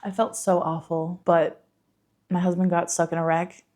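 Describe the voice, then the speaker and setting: Woman, book vlogger, casual rambling chat, slightly low voice, laughs a lot. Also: little pitch movement, normal speed, a little mellow. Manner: chatty, rambling, laughs often, swears casually. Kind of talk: casual vlog chat to camera.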